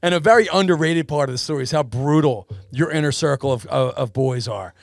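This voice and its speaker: A podcast co-host, a man, cutting in with quick wisecracks and crude jokes. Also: on the high side, creaky, dry recording, clean studio sound. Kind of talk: casual chat, wisecracking.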